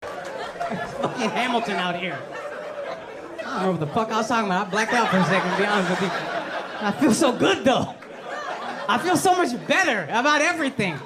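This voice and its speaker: A man's voice: very high-pitched, expressive, normal speed, long pauses, noisy background. A man doing stand-up crowd work, ranting and swearing, laughing between lines, in a live club clip. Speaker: stand-up comedian.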